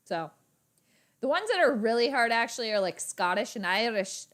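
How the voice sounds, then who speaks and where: A woman's voice: fairly high pitch, very animated, normal speed, fairly bright tone. A young woman hosting a live sports reaction stream, chatting in a rambling, playful way. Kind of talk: casual live-stream chat.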